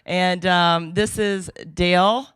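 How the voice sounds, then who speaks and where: Woman organizer introducing the speaker, slow and kinda hesitant, bright smooth voice, dry room. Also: fairly low pitch, steady tone, no room sound. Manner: hesitant, with many fillers.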